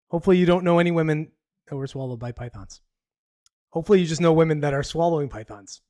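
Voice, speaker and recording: A Canadian man hosts a live podcast, rambling through news topics in blunt, casual commentary with swearing and nervous laughter. His voice is a little high and somewhat mellow, and the recording is dry with clean studio sound.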